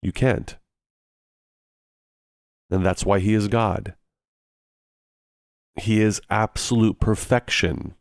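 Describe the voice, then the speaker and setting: Man, sermon, low voice, earnest, pleading, repeats phrases, dry close sound. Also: fairly even intonation, takes it slowly, gravelly, long pauses, no room sound. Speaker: preacher.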